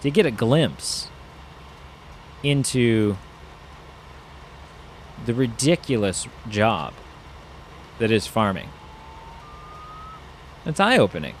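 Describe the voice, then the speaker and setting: A man's voice: mid-range voice, sing-song, very slow, long pauses, slight background noise. A man giving casual, rambling commentary while playing a farming game, musing aloud with lots of fillers. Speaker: gaming YouTuber.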